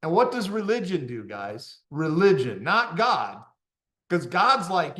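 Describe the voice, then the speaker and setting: A man's voice: a little high, unhurried. Upbeat man giving a motivational talk. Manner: animated, self-deprecating storytelling with laughs. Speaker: confidence coach.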